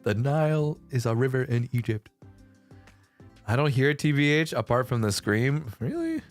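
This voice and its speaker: A young man streaming, chatting casually with viewers, swearing and shouting in protest. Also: mid-range voice, sing-song, moderate pace, faint music behind.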